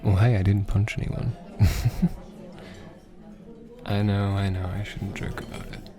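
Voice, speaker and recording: A young man in a whispered role-play as a teasing, affectionate boyfriend teaching Japanese, talking softly with frequent laughs. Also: fairly low pitch, flat delivery, a little slow, a crowd in the background. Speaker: ASMR roleplay creator. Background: background music.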